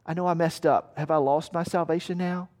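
A man's voice: on the high side, fairly even intonation, a little fast, darkish tone, natural voice. A man voicing an anxious male believer who begs God for approval, in a pleading, insecure way during a sermon. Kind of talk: sermon role-play.

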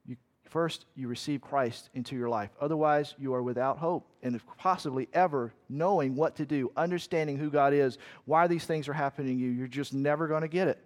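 Man, pastor, sermon, emphatic, fairly high-pitched, acts out shouted asides. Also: brisk.

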